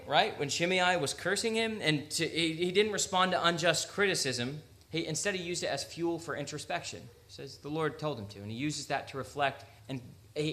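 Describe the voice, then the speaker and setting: A young preacher with a fairly high, sharp voice reads scripture during a sermon in a church sanctuary. His delivery is conversational, interrupted by joking asides and quotes acted out in voices.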